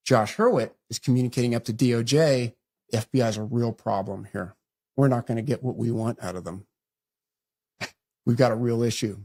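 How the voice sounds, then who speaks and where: Middle-aged man retelling events briskly. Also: mid-range voice, darkish tone. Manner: fast retelling that acts out quoted dialogue. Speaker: interview guest. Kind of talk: conversational storytelling interview.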